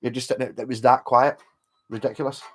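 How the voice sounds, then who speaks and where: A Scottish man talking loosely to his live stream audience, with a mid-range voice that is neither high nor low. He rambles, chats and drops the odd swear word as he goes. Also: level tone, fast. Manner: rambling, chatty, casual swearing. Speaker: livestream host. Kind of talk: casual livestream chat.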